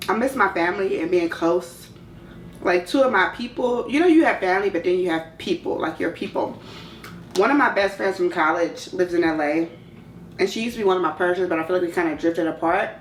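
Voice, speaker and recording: A woman's voice: on the low side, a little fast, roomy sound, distant mic, slight background noise, poor audio. A woman in her thirties from California, talking candidly and casually to camera in a slangy Q&A vlog. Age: 30s. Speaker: vlogger. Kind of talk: casual Q&A chat.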